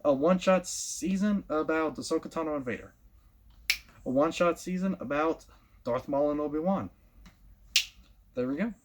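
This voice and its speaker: A man's voice: on the high side, moderate pace, background noise. A man giving a casual opinion rant as a show host, blunt and repetitive, often restarting his sentences.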